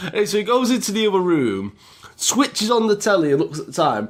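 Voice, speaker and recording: A man's voice: high voice, very animated, a little fast. A man with a British accent telling a story to his viewers in a chatty vlog style, often calling them guys. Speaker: YouTuber.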